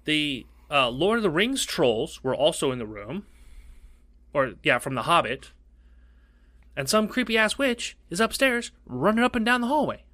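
A middle-aged man telling a story in casual podcast chat, animated and profane, slipping into squeaky voices for the people he quotes. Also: unhurried, no room sound. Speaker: podcast co-host.

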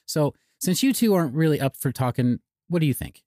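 A woman's voice: low voice, lively intonation, a little fast, dark tone, no room sound, clean studio sound. Playful woman playing a bossy therapist. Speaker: comedy podcast co-host. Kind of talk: improvised comedic role-play.

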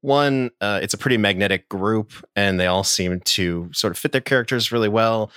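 Deep-voiced man, relaxed podcast co-host. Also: moderate pace, smooth, dry recording, studio quality. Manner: relaxed, laughs often, rambling restarts. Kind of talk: casual chat.

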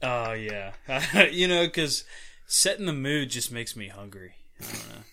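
A man co-hosts a sports podcast, trading loose jokes with his partner and laughing easily. His voice is bright and forward. He talks at an unhurried, easygoing pace. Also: mid-range voice, lively intonation, vocal fry. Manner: loose, jokey, laughs often. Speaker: podcast co-host. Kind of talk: casual podcast banter.

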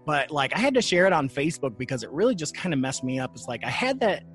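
A man hosting a paranormal podcast in casual chat, animated and laughing often. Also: on the high side, fast, faint music behind. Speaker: podcast host.

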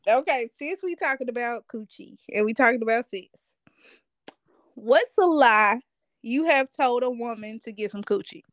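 A woman hosting a podcast with a somewhat high voice, chatting in a loose, laid-back way. She drifts through her sentences with slang and frequent laughs. Her voice sounds dry and close to the mic. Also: lively intonation, normal speed, dry recording. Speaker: podcast host. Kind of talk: casual chat.

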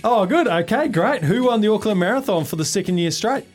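Upbeat Kiwi male radio host, high voice, breezy quiz banter, light music bed. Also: expressive, a little fast. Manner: upbeat, laughs a lot, calls people mate.

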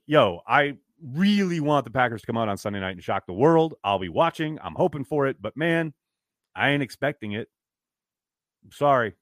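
A man's voice: on the high side, no room sound, clean studio sound. A man hosting a podcast, reading out fan comments and answering them in a frank, downbeat, exasperated way, swearing freely. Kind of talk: casual live-stream chat.

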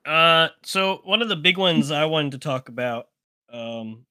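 Sex: man. Role: podcast co-host. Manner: blunt, swearing, rambling. Tone: bright. Sound: dry. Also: a little high, expressive, measured pace, clear, resonant tone, no room sound. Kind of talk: casual chat.

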